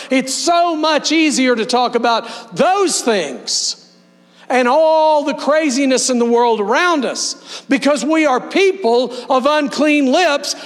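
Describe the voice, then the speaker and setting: A man pastor delivering a sermon, leading the congregation in slow, emphatic call-and-response. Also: very high voice, fairly bright tone. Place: church sanctuary. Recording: long hall reverb with mains hum.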